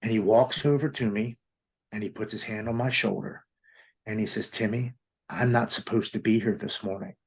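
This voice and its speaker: Husky-voiced man telling his testimony. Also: fairly low pitch, fairly even intonation, normal speed. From Maryland, United States. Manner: earnest and emotional, quoting his own past thoughts aloud. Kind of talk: personal testimony storytelling.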